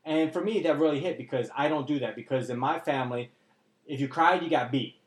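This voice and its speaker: A man's voice: medium pitch, brisk. A man talking candidly and emotionally on a podcast, blunt and earnest, swearing freely. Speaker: podcast co-host. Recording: roomy echo.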